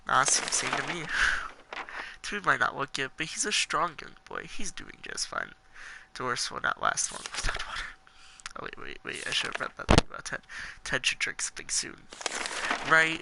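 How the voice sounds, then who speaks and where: A man with a gravelly, creaky voice and a very sharp, tense, bright edge to it. He reads game text aloud and chats through his play in a casual, playful way. He drops giggly, jokey asides between the lines. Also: medium pitch, big pitch swings, normal speed, low-quality recording. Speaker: let's play gamer.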